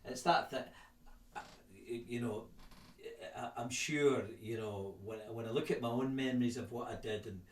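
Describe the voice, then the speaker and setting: A man's voice: medium pitch, normal speed. A middle-aged man hosting a podcast, chatting casually with plenty of fillers and encouraging replies. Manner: rambling, filler-heavy, encouraging. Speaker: podcast host. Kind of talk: casual interview chat. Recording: roomy audio from a distant mic.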